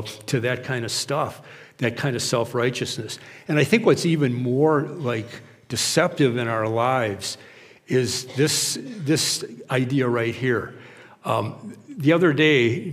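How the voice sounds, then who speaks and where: A man preaches in an easy, conversational way, moving between stories and quoted voices. His pitch sits in an ordinary middle range, and a long reverb trails each phrase through a church sanctuary. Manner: conversational and anecdotal, acting out quotes. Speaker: pastor. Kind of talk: sermon.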